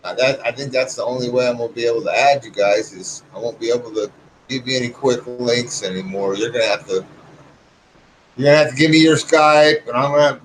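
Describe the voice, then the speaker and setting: A man's voice: mid-range voice, fairly bright tone, slight background noise, rough recording. A man talking casually to his viewers, rambling through a profane, loose rant and restarting his sentences often. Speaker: YouTuber.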